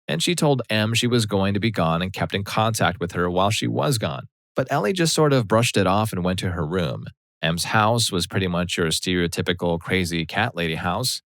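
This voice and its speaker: A man narrating a Reddit story aloud in a plain, steady telling. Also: deep voice, no echo.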